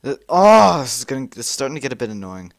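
A young man commenting on a frustrating video game he is playing, exasperated, swearing and yelling at it. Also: mid-range voice, very animated, fast talker, vocal fry, no room sound, clean studio sound. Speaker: gamer. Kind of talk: frustrated let's-play commentary.

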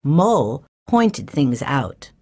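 A woman reading a children's storybook aloud in a slow, clear way for learners. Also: extremely low pitch, big pitch swings, darkish tone, soft background music. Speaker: narrator. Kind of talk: scripted storybook narration.

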